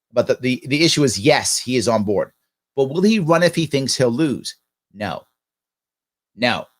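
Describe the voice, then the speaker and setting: A man hosting a livestream, reacting sarcastically to a political speech and answering viewer comments. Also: medium pitch. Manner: sarcastic, talks back at the clip. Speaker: livestream host.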